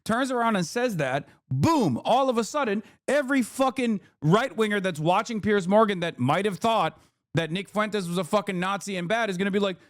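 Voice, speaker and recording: Male streamer in his thirties, fired-up reaction commentary, swears freely, slightly high voice, dry close mic. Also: expressive, no room sound. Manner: heated, profane, rapid restarts. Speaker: streamer reacting to a debate clip. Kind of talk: casual livestream commentary.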